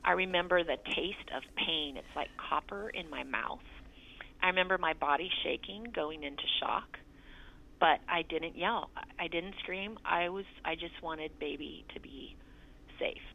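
A woman's voice: lowish voice, measured pace, creaky, sharp tone, slight background noise, rough recording. A middle-aged woman, a mother, telling her grown child a personal story in an earnest way and acting out the quoted dialogue. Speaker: mother recounting a birth story.

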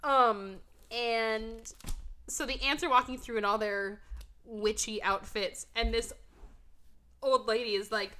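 Bright-voiced woman podcast host. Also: fairly high pitch. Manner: animated, profane plot recap with quick mock voices. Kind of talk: casual movie-review chat.

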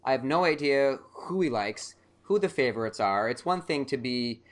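A man's voice: medium pitch, animated, normal speed. A man co-hosting a casual podcast chat, rambling and joking with many fillers. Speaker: podcast co-host.

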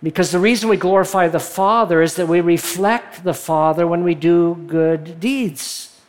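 A male pastor delivering a sermon in a conversational preaching manner, reading scripture and sometimes rising with excitement. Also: sits high, moderate pace.

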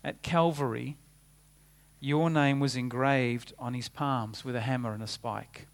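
A man preaching a sermon, earnest, rising for emphasis and dropping to a hushed tone. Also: medium pitch, fairly even intonation, unhurried.

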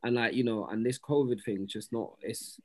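A man, co-hosting a podcast and telling stories in a passionate, animated way. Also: mid-range voice, normal speed. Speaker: podcast co-host. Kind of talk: casual chat.

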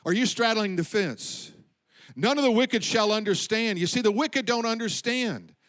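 High-voiced man preaching a sermon. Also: fairly bright tone, clean tone. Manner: emphatic preaching, slowing for stress and dropping low at line ends. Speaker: pastor.

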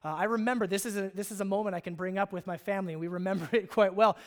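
A man's voice: sits high, fairly even intonation, very fast. A man from Alaska, a pastor, preaching a sermon in a conversational storytelling way, often restarting his phrases. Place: church sanctuary. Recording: long reverb of a hall.

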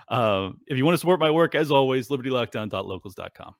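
Medium-pitched, expressive, and fairly quick, a man hosting his own show speaks to viewers in a casual monologue. He rambles earnestly and emotionally with many fillers, captured in a clean, dry studio recording.

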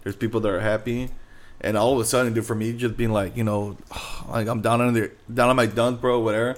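A man's voice: medium pitch, little pitch movement, fairly quick. A young man co-hosting a podcast, rambling in a laid-back, casual way, swearing often and calling his friend "bro" and "dude". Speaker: podcast co-host. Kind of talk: casual chat.

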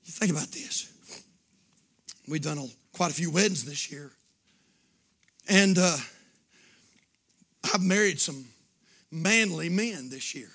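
A man preaching a sermon, impassioned and shouting at peaks, then dropping to quiet, intimate stretches. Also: a little high, slow pace, pauses often. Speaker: pastor.

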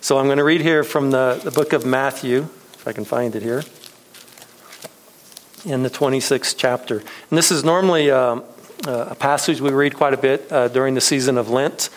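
Speaking at a moderate pace with fairly even intonation, a medium-pitched man in his thirties preaches a casual sermon as pastor. He rambles conversationally, often restarting, using fillers, and chuckling. The recording is low quality.

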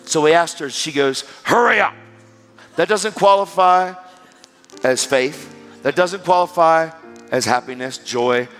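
A man preaching a sermon, telling a story with animated, emphatic exhortations. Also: fairly high pitch, measured pace. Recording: reverberant hall with music behind.

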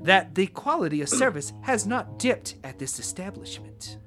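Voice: mid-range voice, huge pitch swings, moderate pace, over music. A game master voicing an arrogant male restaurant manager who is secretly a young blue dragon, speaking in a haughty, condescending way.

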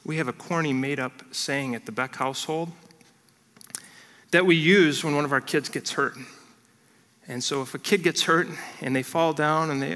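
Bright-voiced preacher in a reverberant hall. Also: male voice, mid-range voice, moderate pace. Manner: earnest preaching, shifts into soft prayer and playful family anecdotes. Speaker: pastor. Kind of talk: sermon. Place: church hall.

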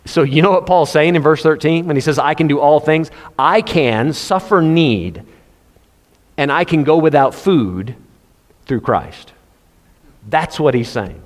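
A preacher, his voice sitting a little high, talks through scripture with an easy, conversational delivery. He slips into King James wording whenever he quotes a verse. His voice rings out with the long reverb of a large hall. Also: expressive, unhurried. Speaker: pastor. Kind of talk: sermon.

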